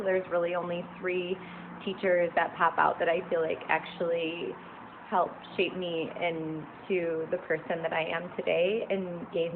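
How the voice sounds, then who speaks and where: A woman, a former student, records an emotional and affectionate thank-you to a teacher who shaped her. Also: fairly low pitch. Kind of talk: recorded video tribute. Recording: tinny phone recording with faint noise.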